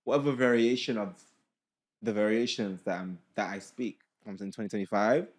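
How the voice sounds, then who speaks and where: Rambling young man on a podcast. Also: on the low side. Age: 20s. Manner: rambling, self-mocking, quick laughs. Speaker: podcast co-host. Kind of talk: casual chat. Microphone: studio mic.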